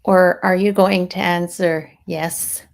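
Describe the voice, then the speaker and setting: A stress management coach hosts a live session, guiding listeners slowly and soothingly, breathing some phrases softly. Her voice is mid-range and creaky.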